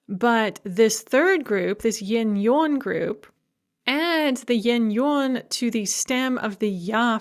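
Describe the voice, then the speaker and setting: A woman teaching a recorded language lecture, explaining grammar methodically and carefully pronouncing example words. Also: fairly high pitch. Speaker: Russian language instructor.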